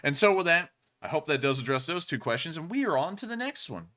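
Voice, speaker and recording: A man in his twenties co-hosting a live stream, chatting casually and rambling with lots of fillers and restarts, deliberately raising his pitch. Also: sing-song, sharp tone. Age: 20s. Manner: speaks in a deliberately raised pitch. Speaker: stream co-host.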